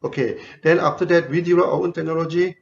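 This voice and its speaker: A man's voice: a little high, steady tone, quick pace, vocal fry. A man, a company founder telling anecdotes in a promotional talk to camera, tagging his sentences with "you know". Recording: dull lo-fi recording.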